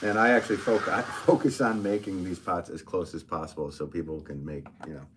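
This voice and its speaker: A man's voice: low voice, fairly even intonation, brisk, background noise. A man from Connecticut with a Connecticut accent, a potter hosting a livestream from his studio, reading viewer comments and joking at his own expense. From Connecticut, USA. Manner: chatty, joking, self-mocking, restarts often.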